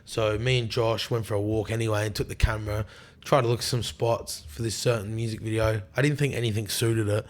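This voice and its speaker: This young Australian podcast guest has a fairly low, steady voice and talks fairly quickly. Chatting casually, he recounts a rowdy tour story, cursing plenty and performing the quotes of the people involved.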